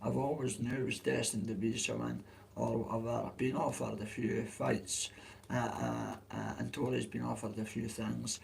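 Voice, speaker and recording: A man with a broad Dundee Scottish accent talks to his livestream chat, hoarse and rough with a crackly, gravelly edge. He rambles, swears freely and restarts his sentences as he goes, with a faint hiss of noise underneath. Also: mid-range voice, level tone, normal speed, a little mellow. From Dundee, Scotland. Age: adult.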